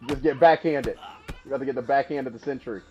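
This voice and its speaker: A man streaming a game for the first time, commentating excitedly, laughing and trash-talking his opponent. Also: medium pitch, fast talker, muffled recording, soft background music. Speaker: gaming streamer. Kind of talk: casual live gameplay commentary.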